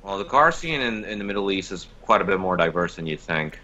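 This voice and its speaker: A man in a casual gaming chat on a voice call, speaking in a measured, mild way. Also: low voice, animated, bright, forceful tone, lo-fi sound. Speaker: podcast co-host. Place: online voice call.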